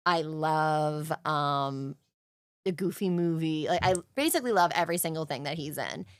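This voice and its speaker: A young woman co-hosts a casual podcast chat, recounting things with gushing, emotional enthusiasm. Her voice sits on the low side. The recording is dry and close, with no room sound. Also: moderate pace, clean tone, no echo. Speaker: podcast co-host.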